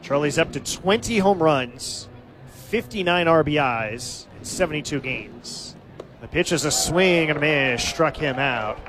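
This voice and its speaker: Higher-pitched man calling baseball play-by-play. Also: a little slow, background noise. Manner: steady, stat-heavy game recaps. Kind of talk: live baseball play-by-play commentary.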